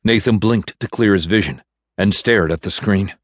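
A man narrating an audiobook in a measured, even storytelling manner, recorded in a studio. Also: on the low side, no room sound. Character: bitter man navigator. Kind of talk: scripted narration. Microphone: studio microphone.

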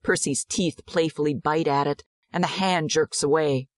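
A woman narrating a dramatized audiobook in a measured, descriptive way. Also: low voice, steady tone, dry recording, studio quality.

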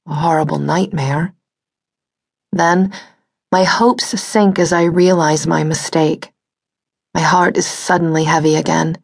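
A woman reads a suspense novel aloud in a measured, dramatic way. Her voice sits low for a woman, steady and controlled through the narration. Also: vocal fry. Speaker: audiobook narrator. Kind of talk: scripted audiobook narration.

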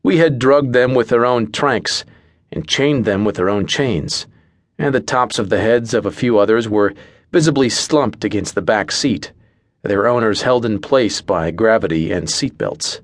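A male audiobook narrator with a somewhat low voice tells the story in first person. His delivery is wry and understated. The recording is dry and close, with no room sound. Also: a little slow, dry recording.

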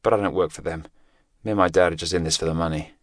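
A man voicing a cool, flat-voiced teen agent. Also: deep voice, fast talker, no echo, studio quality, close to an everyday voice. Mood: coldly firm. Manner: flat, controlled, quietly menacing. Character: teenage boy undercover agent, cool and firm.

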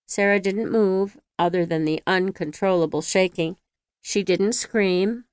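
Smooth, measured audiobook woman. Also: medium pitch, darkish tone, no echo, clean studio sound. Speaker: author narrating her own audiobook. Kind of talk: audiobook narration.

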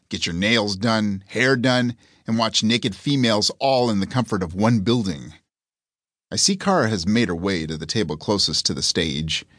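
Low-voiced male audiobook narrator. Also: fairly bright tone, dry recording, clean studio sound. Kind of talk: first-person audiobook narration.

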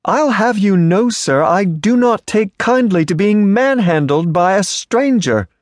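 A man's voice: high-pitched, lively intonation, unhurried, no echo, clean studio sound, voice pushed up. A man voicing a prim, indignant young lady in a Western romance audiobook, speaking formally and haughtily.

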